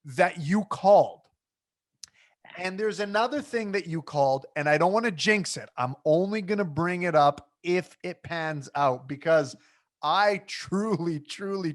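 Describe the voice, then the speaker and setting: A man co-hosting a sports podcast in casual chat, emphatic and repeating himself for effect. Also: fairly high pitch. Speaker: podcast co-host.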